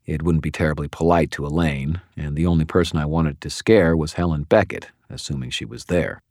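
An extremely deep male voice reads a first-person story in a wry, measured way. The recording is close and bone-dry, with no sense of room. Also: steady tone, a little mellow, no room sound. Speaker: narrator. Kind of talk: first-person audiobook narration.

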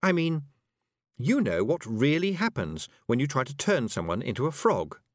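A man voicing a cool, sly young witch girl who speaks slowly and sweetly with a cutting edge, in an audiobook. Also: mid-range voice, dry recording, clean studio sound, voice pushed up. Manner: slow, calm, sweetly cutting.

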